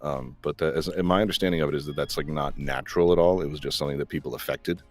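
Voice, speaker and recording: A man's voice: a bass voice, fairly even intonation, racing, darkish tone, faint music behind. A man chatting casually on a stream, giving rambling explanations full of fillers. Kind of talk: casual chat.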